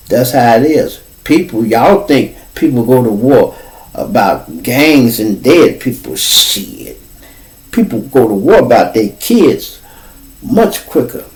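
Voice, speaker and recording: A podcast host with a Chicago accent tells a story in a loose, profane monologue, animatedly acting out the people he quotes. His voice is medium-pitched, and he sits far from the mic, so the audio is poor.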